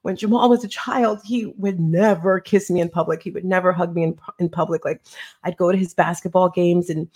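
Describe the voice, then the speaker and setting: A woman's voice: on the low side, steady tone, a little fast, a little mellow, husky. A middle-aged woman, an interview guest and author, earnestly retelling a personal story in a conversational way and acting out the dialogue.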